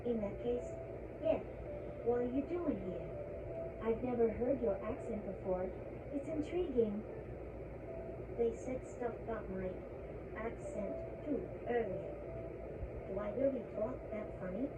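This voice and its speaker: A woman voices a curious, polite young robot girl in a video game, with a fairly high voice. The game audio sounds distant and roomy, with clear noise behind it. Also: a little slow, long pauses, natural voice. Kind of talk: game voice acting.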